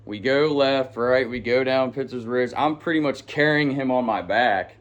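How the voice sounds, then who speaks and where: A man's voice: medium pitch, moderate pace. Man rambling through a story. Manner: rambling, slangy, chuckles between lines. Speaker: channel host and storyteller. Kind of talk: casual storytelling to camera. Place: at home with pets nearby.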